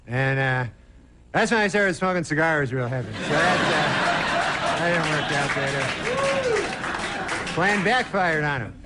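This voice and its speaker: A man with a rather high voice delivers a stand-up routine in a deadpan, rambling way, leaning on "you know" as he goes. The sound is an old TV broadcast with clear noise under it. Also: slow, long pauses, over a noisy crowd. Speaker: stand-up comedian. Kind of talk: stand-up monologue. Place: late-night TV studio stage. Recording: noisy 1990 TV broadcast audio.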